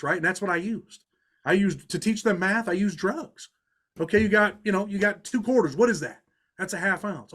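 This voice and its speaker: A man's voice: sits high, fairly bright tone. Earnest New York man telling stories. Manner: street-talking, earnest, many "you know"s and restarts. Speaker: podcast guest. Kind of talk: storytelling in a podcast interview.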